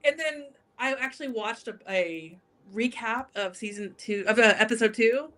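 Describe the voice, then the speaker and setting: Bright, animated woman telling a story. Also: on the high side, moderate pace. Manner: animated, acts out quotes, laughs often. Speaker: guest, drag king entertainer. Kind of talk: casual storytelling chat.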